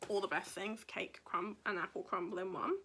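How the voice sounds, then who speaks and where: A woman hosting a craft podcast in casual chat, her voice bright and forward. She rambles and thinks aloud as she pages through a book, sometimes sinking to a near-whisper. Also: mid-range voice, fairly even intonation, moderate pace, a little hiss or hum.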